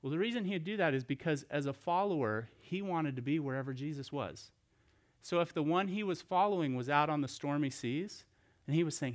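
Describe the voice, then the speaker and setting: A man's voice: on the high side, expressive, fairly quick. Conversational male pastor preaching a sermon. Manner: conversational, storytelling with restarts and rhetorical questions.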